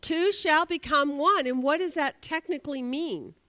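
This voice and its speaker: A woman's voice: high voice, normal speed, pushed and bright. A woman teaching a Bible study class, asking her students questions and reading scripture aloud.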